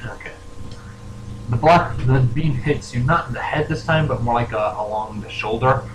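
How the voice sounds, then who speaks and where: A young man in casual chat, narrating as game master for a tabletop role-playing game, relaxed and quick to laugh. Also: medium pitch. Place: room at a table with other players. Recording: echoey room with clear background noise.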